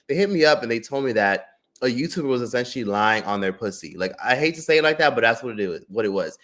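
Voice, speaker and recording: This is a man at a mid-range pitch, chatting on his livestream and telling a story. He talks loosely and animatedly, swearing freely and leaning on "like" as filler. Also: animated, fast talker, a bit bright. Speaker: streamer and drama commentator.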